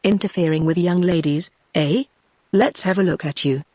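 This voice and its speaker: A synthetic British-accented woman's voice voicing a sharp, composed gentleman detective, read evenly in the narrator's own voice. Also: fairly low pitch, normal speed, no room sound, studio quality, close to an everyday voice. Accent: British English. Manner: even synthetic reading.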